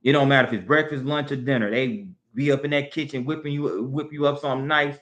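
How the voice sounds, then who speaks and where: A man's voice: medium pitch, fairly even intonation, fast talker, fairly bright tone. A man with a Southern US accent, hosting a casual live stream and rambling in a laid-back way as he thinks aloud. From Southern United States. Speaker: livestream host.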